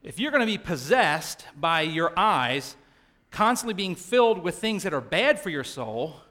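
Middle-aged male pastor, sermon delivery, lively pitch swings, bright tone. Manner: animated preaching, drops to quiet for emphasis.

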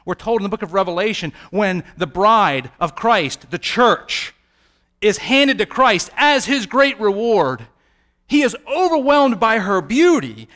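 Man, preacher, sermon, high voice, dramatic rises and falls in volume, acts out quoted voices. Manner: dramatic swings from soft to loud.

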